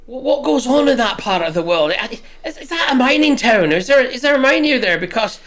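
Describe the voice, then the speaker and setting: A game master voicing a gruff male tavern keeper in a put-on Scottish accent that slips toward Irish, hesitant and rambling, angling for extra coin. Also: medium pitch, expressive, fairly quick, a bit bright, pitched above the performer's own voice. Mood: puzzled. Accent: put-on Scottish drifting Irish.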